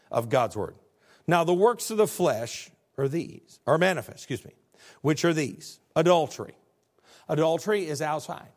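A middle-aged male pastor preaching a sermon to a congregation in a conversational, folksy way, full of rhetorical questions. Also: on the high side. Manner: defines terms one by one in a plain, folksy way. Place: church service before a congregation.

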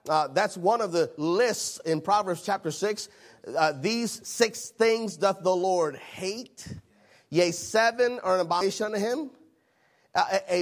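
High, gravelly preacher man. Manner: animated, repeats phrases, acts out voices of God and Lucifer. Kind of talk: sermon.

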